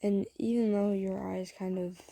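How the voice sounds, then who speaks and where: A woman's voice: mid-range voice, little pitch movement, normal speed, gravelly, warm tone, no room sound, poor audio. A woman telling a romantic fan story to the listener in a chatty, rambling way full of fillers. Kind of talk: casual spoken fan story.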